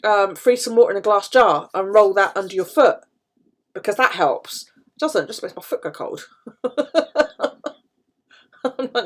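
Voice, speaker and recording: A woman's voice: medium pitch, normal speed, pauses often. Brief: middle-aged woman, casual livestream chat, salty language, easygoing storyteller. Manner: chatty, swears freely, storytelling. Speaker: live streamer. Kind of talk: casual chat while journaling.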